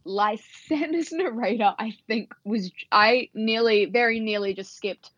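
A woman co-hosting a podcast in casual book chat, talking fast and animated, with lots of fillers and some swearing. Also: a little high, highs cut off, a little hiss or hum. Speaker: podcast co-host.

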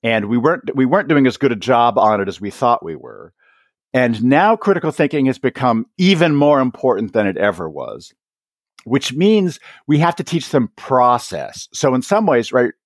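A man as a guest on an education podcast, explaining his ideas and acting out quick exchanges between teachers and students. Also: medium pitch, no room sound, clean studio sound. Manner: animated, acts out teachers and students in quick asides. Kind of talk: podcast interview.

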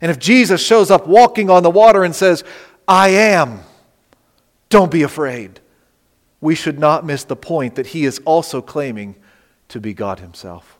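Male pastor, sermon, somewhat high voice, dynamic delivery from loud to hushed, long church-hall reverb. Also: unhurried. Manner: dynamic preaching, swinging between loud emphasis and soft near-whispers. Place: church sanctuary.

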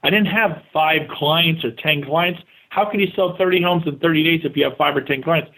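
A man with a notably high-pitched voice talks as an interview guest, full of drive and motivational punch. He rattles off his points in quick bursts and slips into voices for the people he quotes. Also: a bit bright, low-quality recording. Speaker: real estate agent and guest. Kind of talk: casual interview talk.

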